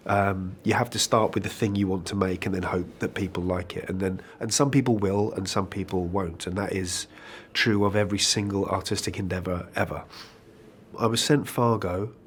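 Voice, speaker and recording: A man's voice: deep voice, steady tone, moderate pace, a little hiss or hum. A man speaking as an actor being interviewed about his work. He talks in a candid, chatty way, often restarting phrases and adding asides. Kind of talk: conversational interview answers.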